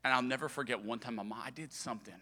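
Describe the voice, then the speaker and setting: A man, preaching a sermon and telling humorous family stories with big swings in loudness. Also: medium pitch, very fast. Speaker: pastor. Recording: large hall with long reverb.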